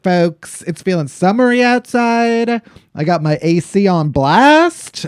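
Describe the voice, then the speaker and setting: A chatty man hosting a comedy podcast, with a high voice that bounces all over. He laughs often and riffs freely. The sound is dry and close. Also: darkish tone, clean tone, no room sound. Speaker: podcast host. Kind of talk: casual comedic podcast monologue.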